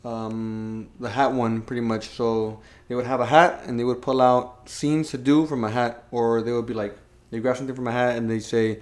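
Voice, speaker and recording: A man's voice: medium pitch, little pitch movement, fairly quick. A man in casual conversation, rambling with many restarts and asking "you get me?" as he goes. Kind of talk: casual chat.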